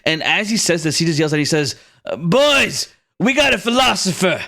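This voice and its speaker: A man voicing a huge, menacing male frost giant who speaks gruffly and threateningly. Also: high voice, very animated, moderate pace, sharp tone, full character voice.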